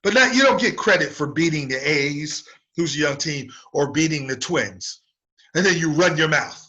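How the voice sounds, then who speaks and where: Fired-up bright-voiced sports talk man. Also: a little high, lively intonation, moderate pace, dull audio. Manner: fired-up, ranting, mocking impressions. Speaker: sports radio host. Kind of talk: opinionated sports talk monologue.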